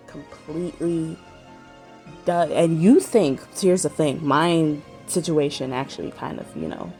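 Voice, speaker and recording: A woman's voice: low-pitched, dark tone. A woman chatting casually in a vlog, rambling and swearing freely and trailing off mid-sentence. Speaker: vlogger.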